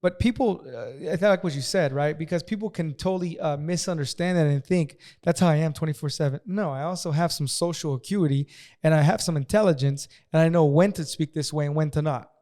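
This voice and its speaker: A man's voice: fairly high pitch, fairly quick, darkish tone. A man in casual podcast conversation who talks bluntly and aggressively, cussing freely.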